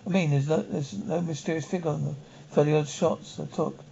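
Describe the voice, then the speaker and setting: An actor playing an affectionate photographer husband, from a 1960s television drama. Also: male voice, fairly high pitch, fairly even intonation, fairly quick, creaky, mellow, slight background noise. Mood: puzzled. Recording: dull 1960s television soundtrack.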